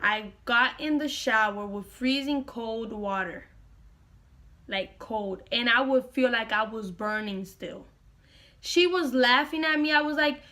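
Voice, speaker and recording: High, bright young woman telling a story. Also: normal speed. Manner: dramatic, animated retelling with repeated lines. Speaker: vlogger. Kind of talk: storytelling to camera.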